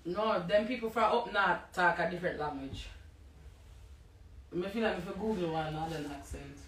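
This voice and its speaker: A woman's voice: fairly low pitch, moderate pace. Young woman in an echoey room. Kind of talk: casual chat.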